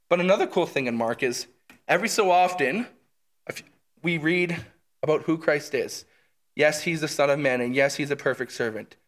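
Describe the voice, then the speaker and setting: Eager, fairly high-voiced man teaching scripture. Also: fairly bright tone. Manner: enthusiastic, often checks in with "right?". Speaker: Bible teacher. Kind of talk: conversational Bible teaching.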